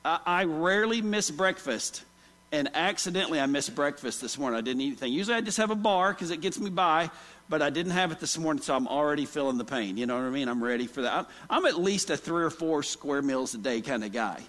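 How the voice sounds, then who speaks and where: A man preaches a sermon in a church sanctuary, telling folksy stories and tossing questions to the congregation. His voice sits high for a man, and the sound carries a long hall reverb. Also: expressive, fast, fairly bright tone. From Oklahoma. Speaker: pastor.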